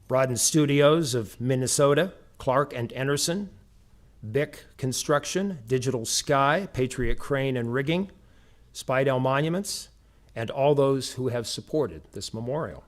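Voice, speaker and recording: Male emcee, mid-range voice, formal and measured ceremony address. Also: medium pitch. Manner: measured, solemn, reading out names. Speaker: master of ceremonies.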